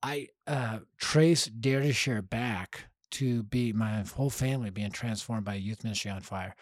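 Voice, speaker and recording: A man's voice: medium pitch, unhurried, no room sound. A man telling his life story on a podcast with energy, acting out the people he quotes. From Denver, United States. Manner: energetic, acts out quoted voices, punchy. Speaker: podcast guest, youth ministry leader. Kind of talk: animated storytelling interview.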